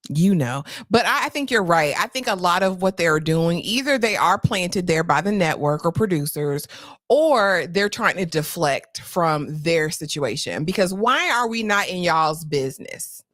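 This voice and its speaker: A woman's voice: fairly low pitch, unhurried, no room sound, clean studio sound. Chatty woman recapping reality TV. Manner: animated, chatty, slangy storytelling. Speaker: host. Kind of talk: casual reality-show recap chat.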